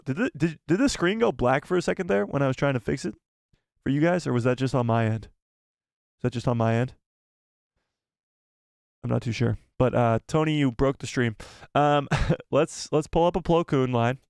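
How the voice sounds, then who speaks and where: Chatty young man with a gravelly edge. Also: mid-range voice, darkish tone, no echo, clean studio sound. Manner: chatty, laughs often, thanks donors. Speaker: live-stream host. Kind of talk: casual live-stream chat.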